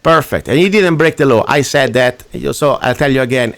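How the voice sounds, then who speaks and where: A man's voice: medium pitch, fairly quick, hardly any pauses, fairly bright tone, no room sound. A man with an Italian accent hosting a radio talk show, ranting emphatically in broken English. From Italy.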